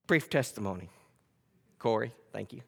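A male pastor preaching a sermon. He swings between loud, emphatic scripture reading and quiet, conversational storytelling. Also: fairly low pitch, lively intonation, moderate pace, gravelly, husky, long reverb tail. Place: church sanctuary.

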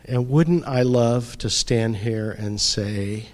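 Middle-aged guy preaching a sermon, slow and thoughtful, voice drops soft a lot. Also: mid-range voice. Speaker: pastor.

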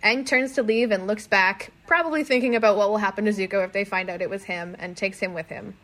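A woman co-hosting a casual podcast, talking through episodes in an easy, animated way. She slips into quick put-on voices for the characters and swears offhandedly. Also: mid-range voice. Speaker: podcast co-host. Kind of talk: casual recap chat.

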